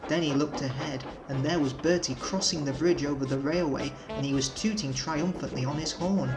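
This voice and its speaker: A man narrating a children's railway storybook with gentle, expressive storytelling. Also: a little high, moderate pace, music in the background, poor audio.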